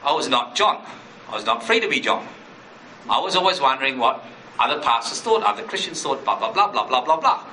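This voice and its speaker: Earnest preacher in an echoey hall. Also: male voice, sing-song, fairly quick, bright, forceful tone, far from the mic, slight background noise. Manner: earnest, mimics inner voices with sudden high bursts. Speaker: pastor. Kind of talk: sermon.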